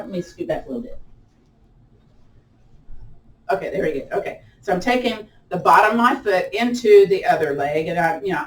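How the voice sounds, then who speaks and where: Over slight background noise, a woman with a mid-range voice and a lilt runs a live online chair yoga class. She's chatty and encouraging, letting out playful whoops in the holds, and the distant mic picks up a roomy echo.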